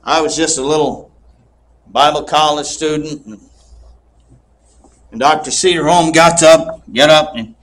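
A man in his sixties preaching a sermon in a slow, emphatic way. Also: on the high side, a bit bright. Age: 60s.

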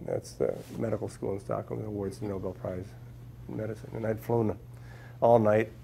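Man, gravelly voice, lowish, humorous anecdotes to a class, repeats words, faint room noise. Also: moderate pace, mellow. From Minnesota, USA. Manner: humorous storyteller, repeats words while finding them. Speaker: guest speaker, scientist. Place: lecture room with a live audience.

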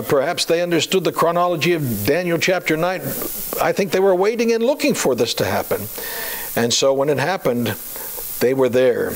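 A man's voice: medium pitch, rough recording. Man preaching a sermon in a conversational way. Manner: conversational preaching with fillers and rhetorical questions; slows to a deliberate cadence when reading scripture. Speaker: pastor.

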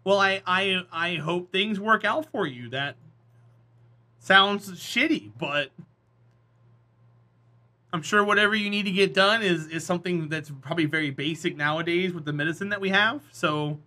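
Man, live streamer, casual chat with viewers, joking and teasing, very bright tone. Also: high voice, moderate pace. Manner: joking, teasing, laughs often.

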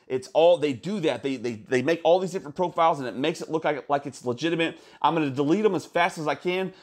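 Man, slightly high voice, hyped casual vlog, profane, excitable, keeps saying guys. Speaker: crypto YouTuber.

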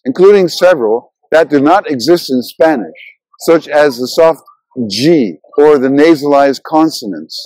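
A man hosting a language channel, narrating a scripted lesson in an explanatory way and slowing down to sound out example words. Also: on the high side, darkish tone, dry recording, rough recording.

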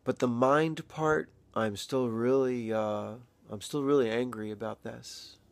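A grieving father, older, speaking in a halting, reflective way in a personal video diary, close to tears. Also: mid-range voice, creaky, no room sound. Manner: halting, reflective, pausing often. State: emotional, near tears.

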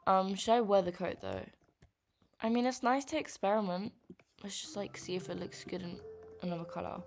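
Young woman, casual gaming vlog, chatty and filler-heavy, soft murmurs, faint music behind. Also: mid-range voice, very animated, brisk. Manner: chatty, filler-heavy, quiet murmuring while she works. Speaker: gaming vlogger. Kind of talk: casual gameplay commentary.

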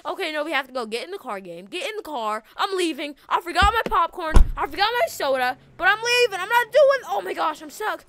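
A woman giving excitable, panicky gameplay commentary as the host of a gaming channel, laughing often. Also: very high-pitched, brisk, few pauses, slight background noise.

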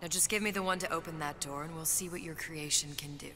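An actress playing a clever young woman who speaks in a dry, wry, quick-witted way. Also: low-pitched, very noisy, natural voice.

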